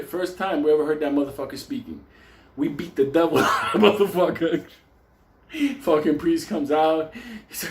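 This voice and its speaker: A man telling a wild story in a loud, profane, laughing way, acting out the people he quotes. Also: a little high, fairly even intonation, moderate pace, echoey room.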